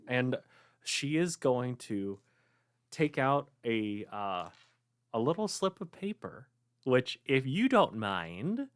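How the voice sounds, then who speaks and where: A game master narrates a tabletop game slowly, with many fillers and giggles. The voice swings widely in pitch. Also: very animated, no room sound, clean studio sound. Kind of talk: tabletop role-play.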